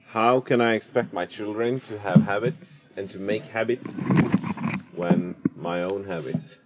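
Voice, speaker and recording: A man's voice: fairly low pitch, unhurried. A man from Norway interviewing a guest, hesitant and full of fillers. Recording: muffled lo-fi audio with noise.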